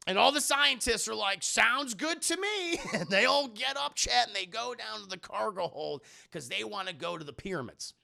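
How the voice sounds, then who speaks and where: A man's voice: sits high, fairly quick, gravelly, hardly any pauses, sharp tone. A man streaming a casual, profane spoiler recap of a film, rambling and talking to his live chat.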